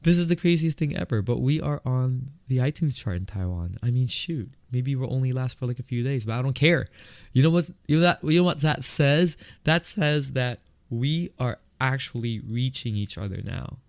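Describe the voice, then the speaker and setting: A young man with a lisp, made stronger by retainers, hosting his own podcast in a candid, excitable way. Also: mid-range voice, vocal fry, dry recording, clean studio sound. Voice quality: lisp, more pronounced with retainers in. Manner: excitable and candid, laughs, quick asides. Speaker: podcast host. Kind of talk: solo podcast monologue. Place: indoors, filmed on camera.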